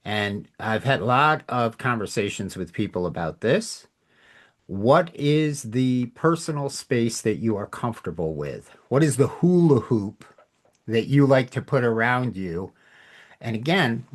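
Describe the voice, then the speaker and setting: A man hosting a communication podcast, giving an informal lesson in a reflective, emphatic way. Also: mid-range voice. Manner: reflective, emphatic, acts out tones in examples. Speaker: podcast host teaching communication.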